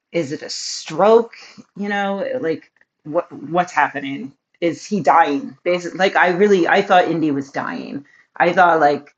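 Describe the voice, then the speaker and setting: A woman in her thirties tells a story from her home office in a low, unhurried voice. She rambles and fills pauses with "like" and "um," and she laughs easily. The sound is a little dull and lo-fi. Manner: chatty, rambling with many fillers and laughs. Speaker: vlogger. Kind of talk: casual storytelling to camera.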